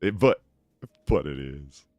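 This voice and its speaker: A man's voice: a bass voice, animated, takes it slowly, a little mellow, no echo, clean studio sound. An American man hosting a casual chat, with a sarcastic, mock-pompous way of talking. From United States. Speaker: podcast host.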